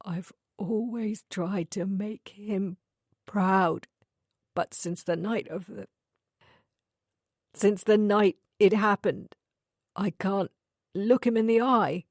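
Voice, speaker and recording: A woman voicing a distraught young man who talks in broken, hoarse whispers in an audiobook thriller. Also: mid-range voice, takes it slowly, pauses often, darkish tone, no room sound, clean studio sound. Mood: despairing.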